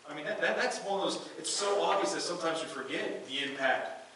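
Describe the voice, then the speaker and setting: A man preaching in a church sanctuary, his voice bright and forceful as he talks through the lesson and often stumbles over his restarts. The sound is very roomy and echoing, picked up from some distance away from the mic. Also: a little high, animated, brisk, slight background noise. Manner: conversational preaching with frequent restarts. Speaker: pastor. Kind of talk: sermon. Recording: echoey room, voice from a distance.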